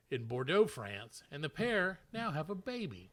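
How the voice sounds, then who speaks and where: A man's voice: fairly high pitch, big pitch swings, moderate pace. A man hosting a comedy podcast, telling stories and reading odd news with rambling jokes and frequent laughter. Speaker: podcast host.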